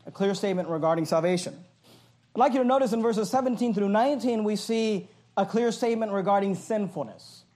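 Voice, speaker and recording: A pastor preaching an emphatic sermon, reading verses aloud and explaining them line by line. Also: male voice, high voice, a little fast, darkish tone.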